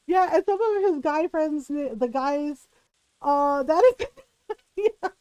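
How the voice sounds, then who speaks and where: A woman streamer casually telling a story to her live chat, animated and laughing often, checking in with "right?". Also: high voice, slow pace, no room sound, highs cut off.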